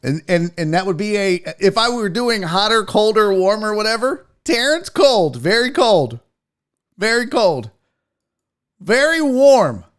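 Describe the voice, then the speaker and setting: A man's voice: high voice, very animated, a little slow. A man hosting a live sports talk show, chatting loosely with viewers in a rambling, profane way. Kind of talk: casual live-stream chat.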